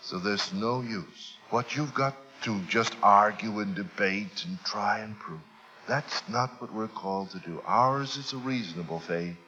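A man preaching a sermon with emphatic, forceful delivery that builds to loud peaks. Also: lowish voice, unhurried, muffled recording, slight background noise.

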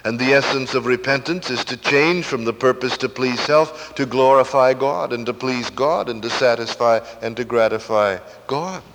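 A man's voice: medium pitch, moderate pace, few pauses, a bit bright. A man preaching a sermon with fervent, rising intensity and impassioned cries. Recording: echoey hall, faint hiss and clicks.

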